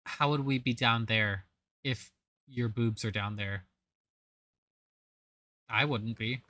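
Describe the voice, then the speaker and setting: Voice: medium pitch, slow, bright, forceful tone, no echo. A reaction commentator talking over a clip in a blunt, mocking way, swearing casually as they pick apart what they watch.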